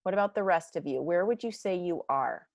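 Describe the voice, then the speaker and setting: A middle-aged woman leading a leadership workshop over a video call, animated and often acting out the voices she quotes. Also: fairly low pitch, brisk, no echo, studio quality.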